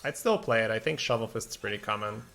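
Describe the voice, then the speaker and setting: A man's voice: lowish voice, animated, fast, creaky, fairly bright tone. A man from Belgium, a game streamer chatting casually while thinking aloud about his plays and answering viewers. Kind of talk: casual live-stream commentary.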